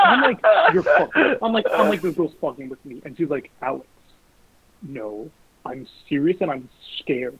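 A young man casually telling animated, sweary stories about his dating life. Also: on the high side, normal speed, husky, dry recording. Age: young adult. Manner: animated, swearing, mimics voices in quotes. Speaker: guest. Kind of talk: casual storytelling. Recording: lo-fi phone-like recording.

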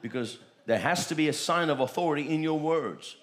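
A man's voice: on the high side, fairly quick. A man preaching a sermon, with emphatic, repetitive declarations that rise in bursts.

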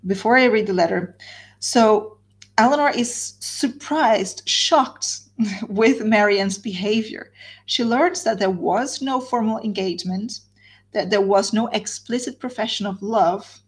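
A woman with a breathy, husky voice leads a guided reading lesson. She explains the story and rephrases it plainly for her group. Her pitch sits at a middle level. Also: a little slow. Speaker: host leading a reading group.

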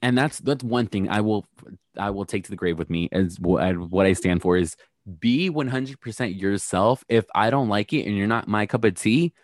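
A man with a slightly low voice talks through a reality TV episode in a sassy, gossipy way. He swears casually and slips into mock voices for quotes. The sound is dry and close. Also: normal speed, no echo. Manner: chatty, sassy, swears freely, acts out quotes. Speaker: podcast co-host. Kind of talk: casual reality TV recap chat.

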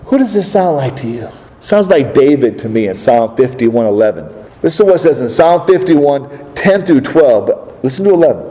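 A man's voice: mid-range voice, big pitch swings, normal speed, warm tone, big-room sound, rough recording. A man preaching a sermon, asking the congregation rhetorical questions and acting out the voices of biblical figures.

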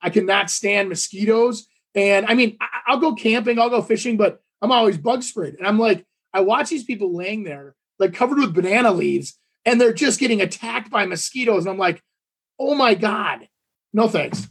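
Husky high-voiced man chatting. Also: brisk, hardly any pauses, fairly bright tone. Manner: talkative storyteller, many fillers and restarts. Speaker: podcast co-host. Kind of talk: casual chat.

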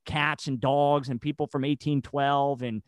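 A man's voice: medium pitch, level tone, measured pace, clean tone, dry recording. A man ranting heatedly in a casual chat, stammering and restarting his sentences. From United States. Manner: agitated and rambling, with stammered restarts.

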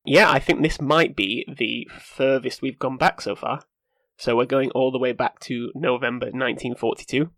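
A man's voice: medium pitch, fairly even intonation, moderate pace, a bit bright, dry recording. A man hosting a casual film podcast, joking wryly and laughing through his lines. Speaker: podcast host presenting news segment.

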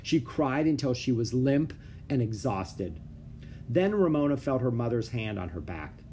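A man reading a children's book aloud with expressive storytelling. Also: mid-range voice, measured pace, slight background noise. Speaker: narrator.

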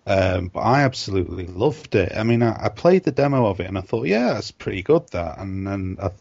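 A man's voice: sits low, expressive, brisk, creaky, darkish tone, dry recording. A man co-hosting a podcast, chatting casually in a laid-back way, laughing often and trailing off mid-sentence. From northern England. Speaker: podcast co-host. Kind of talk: casual chat. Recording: dry, dull lo-fi mic.

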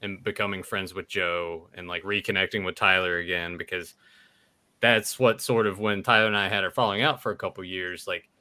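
A man co-hosting a casual podcast, talking in an easygoing, slightly halting way. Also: sits low, fairly even intonation, sharp tone, dry recording. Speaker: podcast co-host.

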